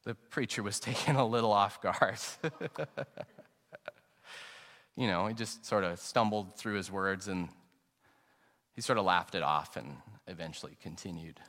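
Middle-aged male pastor, earnest sermon, lowish voice, long reverb in the hall. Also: a bit bright. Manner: earnest and reflective, anecdotal, slows down for emphasis. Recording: long reverb, sanctuary acoustics.

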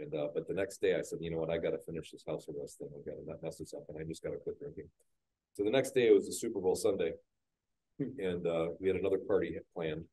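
A man, a guest business owner, frankly telling his own story on a podcast panel at a live event, getting animated when he acts out scenes. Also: sits low, breathy edge, poor audio. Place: live industry training event.

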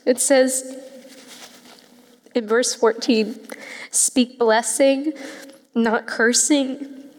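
Woman pastor preaching in a reverberant hall. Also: medium pitch. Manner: heartfelt, conversational, tearful at moments. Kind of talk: sermon. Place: church sanctuary.

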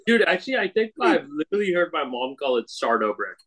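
A man co-hosting a podcast, chatting sarcastically with lots of swearing and loud exclamations. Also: a little high, big pitch swings, quick pace, low-quality recording. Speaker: podcast co-host. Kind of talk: casual podcast chat.

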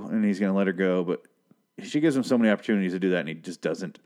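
Guy with a lowish voice doing a sweary rambling show recap, sarcastic. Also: racing, warm tone. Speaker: TV episode recap podcaster.

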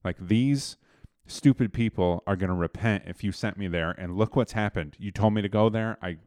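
A man's voice: on the low side, moderate pace, darkish tone, no room sound, studio quality. A man casually retelling a Bible story to a co-host, loose and conversational, with fillers and restarts.

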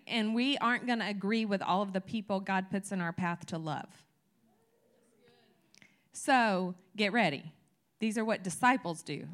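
A woman's voice: medium pitch, a bit bright. A woman teaching a church congregation in a candid, conversational sermon style, getting emphatic as her energy builds.

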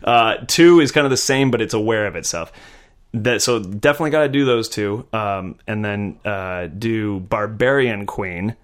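Enthusiastic man gushing about movies. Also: on the low side. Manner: enthusiastic movie nerd, halting with restarts and swearing. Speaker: podcast guest. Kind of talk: casual podcast chat.

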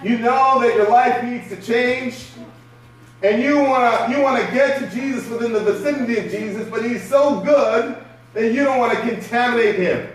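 A man's voice: very high-pitched, moderate pace. A man preaching a sermon to his congregation in a conversational way, often asking rhetorical questions. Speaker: pastor. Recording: echoey hall from far off.

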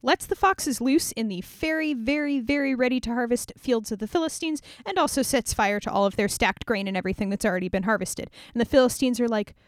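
A young woman tells an old story casually, dropping sarcastic asides as she goes. Her voice sits a little high. The recording is dry and close, with no room sound. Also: brisk, hardly any pauses, no echo. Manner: irreverent, chatty, sarcastic asides. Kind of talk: casual retelling of a scripture story.

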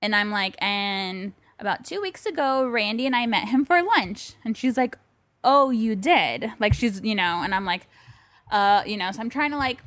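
Animated woman telling a story. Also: medium pitch, normal speed, no room sound. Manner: animated storytelling, acts out both sides of a phone call. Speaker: podcast co-host. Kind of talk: casual chat. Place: bedroom.

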